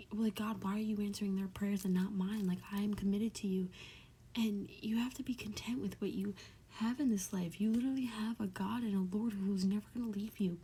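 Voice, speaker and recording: A young woman giving an earnest, heartfelt Bible study talk, often speaking softly. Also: mid-range voice. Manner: earnest, emotional, often soft and breathy. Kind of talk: casual devotional talk. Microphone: tablet mic.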